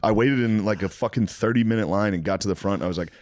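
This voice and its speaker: A man's voice: fairly low pitch, quick pace, a little mellow. A man co-hosting a podcast, telling laid-back, self-mocking stories in casual chat. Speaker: podcast co-host.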